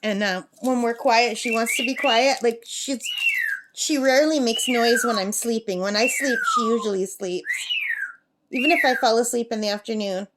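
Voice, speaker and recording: A woman's voice: fairly high pitch, moderate pace, very noisy. A middle-aged woman chatting casually while crafting, reading out number codes and cooing at her pet bird. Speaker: craft vlogger. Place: campsite.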